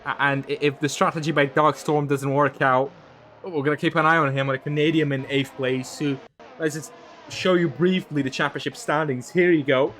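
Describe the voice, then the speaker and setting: A man's voice: on the high side, normal speed, slight background noise. A man doing play-by-play commentary on an online racing league, getting worked up when the field crashes. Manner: excitable, voice climbs when cars crash. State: losing his voice. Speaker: lead commentator.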